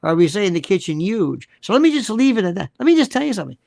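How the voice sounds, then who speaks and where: Animated gravelly talk-show host man. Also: sits high, rapid-fire, no room sound, studio quality. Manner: animated, emphatic, repeats rhetorical questions. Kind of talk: live-stream talk show monologue.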